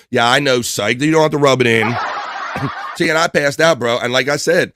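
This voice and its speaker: A man's voice: mid-range voice, moderate pace, a bit bright, dry recording. A man hosting a live stream, chatting loosely and reading out the chat with profane, hyped-up banter.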